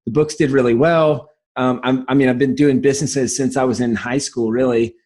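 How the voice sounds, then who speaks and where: With a steady tone and a medium, slightly mellow pitch, an enthusiastic man from South Carolina speaks in a light Southern accent as a guest on a relaxed podcast interview. He's a business founder, and he rushes eagerly through his stories, restarting frequently.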